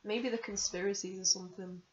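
A woman's voice: mid-range voice, steady tone. A young woman co-hosting a casual podcast, chatty and teasing. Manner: quick-witted, teasing, chatty. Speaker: podcast co-host. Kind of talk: casual chat. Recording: slightly dull lo-fi sound.

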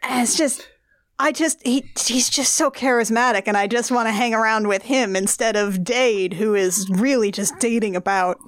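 A woman's voice: fairly high pitch, normal speed, no room sound. A woman hosting a podcast in casual chat, gushing and swearing freely. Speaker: podcast host.

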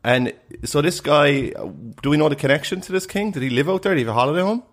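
A man's voice: on the high side, fast. A man co-hosting a podcast, firing off sarcastic, skeptical questions in casual comic banter. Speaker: podcast co-host.

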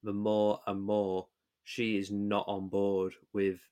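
Slow and completely flat, a male co-host rambles through his thoughts on a casual podcast, hesitating and restarting often. His lowish voice is a little mellow, clear, and resonant.

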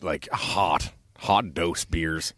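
A man's voice: low-pitched, fairly even intonation, extremely slow, fairly bright tone, no echo. A man telling laid-back stories in casual chat, swearing and laughing often.

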